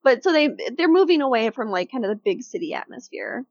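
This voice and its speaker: A woman co-hosting a casual true-crime podcast, telling the case in a chatty, animated way with lots of fillers. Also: sits high, fast talker, dry recording, muffled recording.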